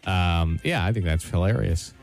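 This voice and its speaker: A man's voice: deep voice, normal speed, gravelly. A male radio co-host talks in a dry, skeptical way in casual banter. He pushes back on the others with plain argument. Faint music plays underneath. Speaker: radio co-host reading the weather.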